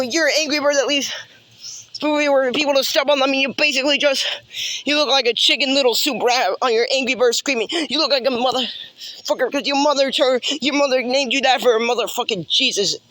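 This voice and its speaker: A man's voice: extremely high pitch, bright, forceful tone, no room sound. A man delivering a rambling, profane improvised roast, repeating himself and taunting. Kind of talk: improvised insult rant.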